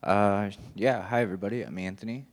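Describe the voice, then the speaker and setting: A man's voice: lowish voice, fairly even intonation, brisk. A man in his twenties, a guest speaker, telling his story plainly and matter-of-factly. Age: 20s.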